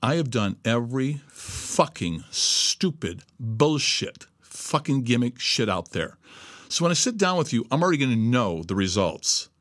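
A man's voice: medium pitch, sing-song, unhurried, fairly bright tone, no echo, studio quality. A middle-aged man giving a profane motivational monologue, blunt and emphatic, swearing constantly. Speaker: host.

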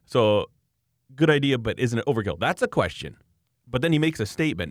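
A man from Canada, a knife maker on a casual podcast, ranting in a mocking, animated way about online critics. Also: medium pitch, a little fast, no echo, clean studio sound.

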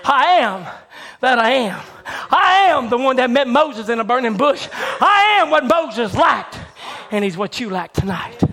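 A man preaching a sermon with a repetitive, building cadence that swings between shouted peaks and hushed, near-whispered lines. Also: very high-pitched, sing-song, moderate pace, hardly any pauses.

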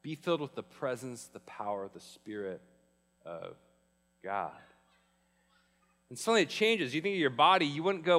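A male pastor preaching a sermon in a conversational, emphatic way, slowing down on key phrases. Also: a little high, expressive, pushed and bright, long reverb tail. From Arizona, US.

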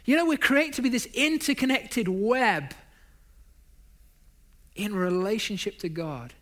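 A man's voice: high voice, lively intonation, a little slow, pushed and bright. A man preaching a sermon, stacking up emphatic lists of phrases and dropping in self-deprecating asides.

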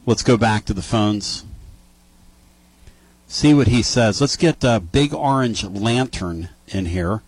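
Male sports talk host, animated storyteller, husky edge, dry sound. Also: takes it slowly, no room sound. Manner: animated storyteller, lively pitch. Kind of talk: casual radio chat.

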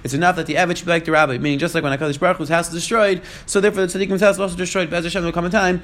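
A man giving a Talmud class in a quick, steady flow, mixing Hebrew and Aramaic quotes with English explanations. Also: high voice. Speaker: Talmud teacher. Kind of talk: Gemara study class.

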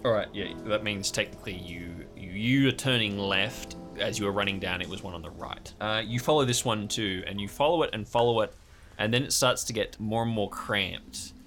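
A man's voice: fairly low pitch, normal speed, fairly bright tone, soft background music. A young man narrating a tabletop game as game master, describing scenes in a suspenseful storytelling manner.

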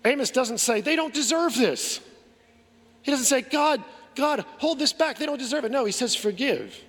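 A man's voice: extremely high pitch, expressive, normal speed, a bit bright, slightly rough. A man preaching a sermon as pastor, earnest, asking rhetorical questions and restarting his phrases. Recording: long hall reverb.

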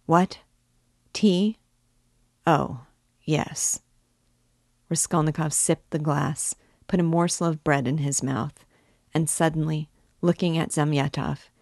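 A woman reading a classic novel aloud in a measured, even way. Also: deep voice, no echo, clean studio sound. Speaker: reader and guide.

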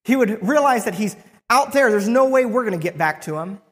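A preacher retelling a Bible story in the first person, with frequent restarts and pauses. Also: medium pitch, lively intonation, big-room sound.

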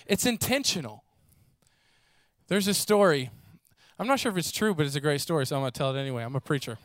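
A man preaching a sermon, telling stories in a lively way and acting out the people in them. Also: a little high, fast talker, dry recording. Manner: animated storytelling, acts out voices, casual fillers.

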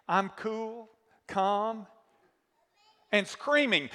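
A man preaching a sermon as pastor, telling a story with animated asides and questions to the congregation, his voice a little worn. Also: high-pitched, extremely slow, pauses often, long reverb tail. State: voice worn from screaming.

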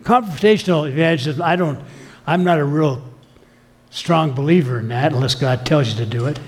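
A man's voice: on the high side, brisk. A man preaching a sermon, telling stories with emphatic, acted-out quotes. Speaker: pastor. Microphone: filmed sermon.

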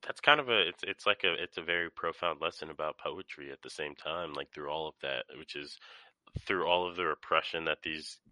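A man with an extremely deep voice and a forceful, bright edge offers thoughtful points in a casual movie chat. He speaks reflectively, pausing over his words, in a dry, close recording. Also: dry recording.

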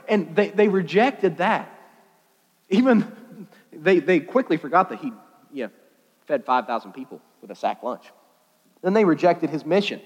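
A man preaching a sermon in a casual, jokey, animated way, often laughing at his own asides. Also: fairly high pitch, moderate pace, long pauses, breathy edge. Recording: long hall reverb.

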